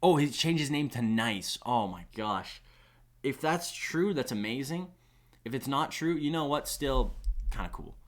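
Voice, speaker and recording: A man giving live esports commentary on a stream, excitable and rambling, often restarting his sentences. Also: medium pitch, measured pace. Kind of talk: live esports commentary with chat shout-outs.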